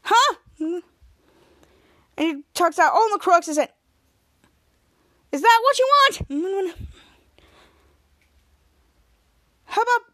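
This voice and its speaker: A woman's voice: sits high, moderate pace, pauses often, dry recording, clean studio sound, lightly acted. A woman voicing a smug adult male superhero who fires off showy retorts. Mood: taunting.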